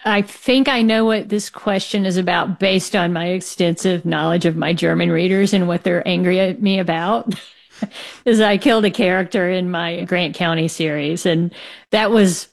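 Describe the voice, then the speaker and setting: A woman's voice: lowish voice, normal speed, gravelly. A woman, a novelist, talking frankly and with strong opinions as a guest in an interview, laughing now and then as she speaks. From United States. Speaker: author as guest. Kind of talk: casual interview talk.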